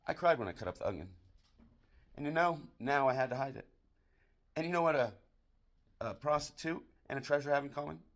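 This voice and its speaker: Man, grof komisch verhaal, veel gevloek, schorre rasperige stem, levendig op en neer. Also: medium pitch, a little fast, long pauses. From United States. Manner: profane, deadpan delivery of dirty jokes. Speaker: barroom joke teller. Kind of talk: crude comedic storytelling monologue.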